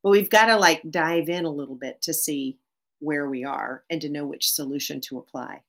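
A middle-aged woman therapist talks as a guest on a podcast. Her voice sits low, and she speaks in an animated way, restarting phrases and checking in with "right?". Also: moderate pace. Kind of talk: podcast interview.

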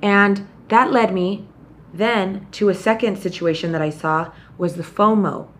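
A woman with a mid-range voice and a slightly slow pace hosts a podcast, offering a direct, tough-love motivational talk. She regularly quotes others using animated, put-on voices.

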